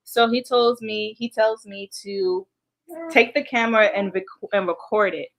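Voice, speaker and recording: A woman's voice: mid-range voice, unhurried. A woman vlogger talking straight to her viewers in a casual recap, emotional and sighing often. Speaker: vlogger recounting past events. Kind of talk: casual reaction commentary.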